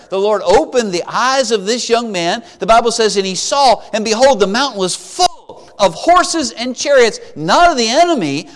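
A man preaching a sermon, retelling a Bible story with lively acted-out voices. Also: extremely high pitch, long reverb tail. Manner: animated storytelling, acting out voices of biblical figures.

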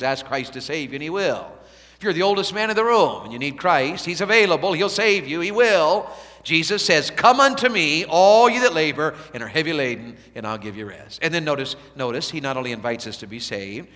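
A man preaching a revival sermon in a church, folksy and conversational, swinging from soft asides to shouted appeals. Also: mid-range voice. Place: church sanctuary. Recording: long hall reverb.

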